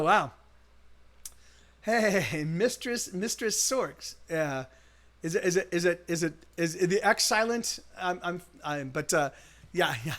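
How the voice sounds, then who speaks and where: A man's voice: high-pitched, a bit bright. A man in his forties, a singer-songwriter streaming live, chatting casually between songs in a rambling way, with many restarts, swearing and laughing. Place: home streaming setup. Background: acoustic guitar.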